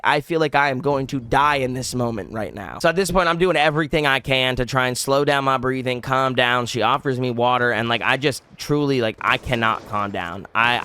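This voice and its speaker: A young man tells a story straight to his audience, his voice bright and crisp. He rambles and restarts, packing in "like" as he talks in a loose, animated way. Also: mid-range voice, dry recording. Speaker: vlogger. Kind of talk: casual storytelling.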